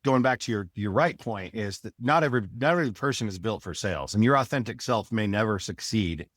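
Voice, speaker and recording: A man's voice: on the low side, expressive, fairly quick, dry recording, clean studio sound. A man in his forties, a sales veteran speaking as a podcast guest, giving blunt and emphatic advice in a casual interview.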